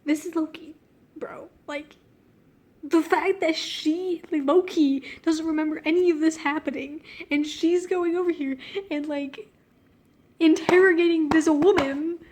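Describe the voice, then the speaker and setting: A woman's voice: high voice, fairly even intonation, measured pace, a little mellow. A woman reading her own childhood story aloud, breaking off to mock it in a slangy, giggly way. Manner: giggly, slangy and self-mocking; easily distracted, breaks off mid-sentence. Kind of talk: reading aloud with joking commentary.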